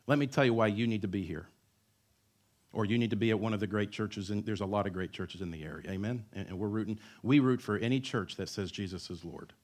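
A man's voice: fairly low pitch, quick pace, darkish tone. A male pastor in his thirties preaching a sermon in a church, with emphatic repetition and joking asides.

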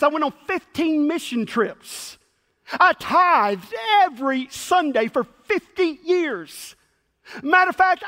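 A man's voice: extremely high pitch, bright, forceful tone, big-room sound, voice pushed up, exaggerated voice. A man preacher voicing an elderly churchgoing man who insistently lists his lifelong good deeds. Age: older. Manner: insistent, pleading, rising to exasperation.

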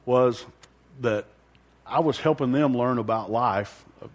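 A man telling his personal testimony in a loose, rambling way, with a middling pitch and a plain everyday voice. He pokes fun at himself, laughs along the way and acts out what he was thinking back then. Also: a little slow. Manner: rambling, self-deprecating, with frequent laughs; acts out his own inner thoughts. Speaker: church member giving a testimony.

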